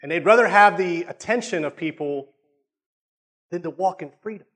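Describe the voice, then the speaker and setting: A man preaching a sermon in a conversational way, often checking in with his listeners and repeating words, slowing down to stress points. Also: high-pitched, fairly bright tone.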